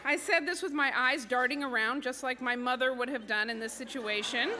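A woman's voice: high voice, fairly quick, pushed and bright, some chatter behind. A woman telling a comic personal story on stage, with a wry, self-mocking delivery. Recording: reverberant hall with background noise.

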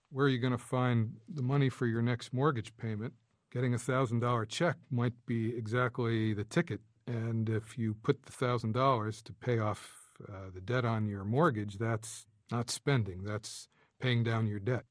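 A man's voice: medium pitch, fairly even intonation, moderate pace, no room sound, studio quality. A man explaining personal finance in a plain conversational way, with the odd filler.

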